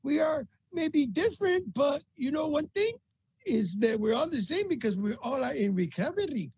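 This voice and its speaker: A performer playing a warm, jokey old grandfather who speaks stammering, broken English, over a video call. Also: high-pitched, big pitch swings, normal speed, no room sound. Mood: chatty. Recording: dull lo-fi call audio.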